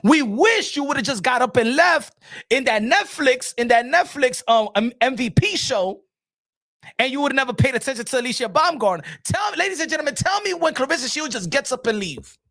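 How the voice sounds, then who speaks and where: A man's voice: very high voice, animated, fairly quick, vocal fry, fairly bright tone. A man ranting casually on a boxing stream in a mocking, slangy way, repeating his lines.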